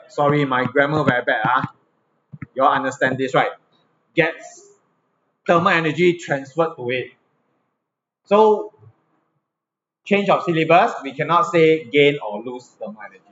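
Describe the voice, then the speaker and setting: A man's voice: on the high side, a bit bright, a little hiss or hum. A male physics teacher with a Singaporean English accent, giving a classroom lesson and checking his students' understanding with frequent tag questions. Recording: slightly dull lo-fi recording, faint ambience.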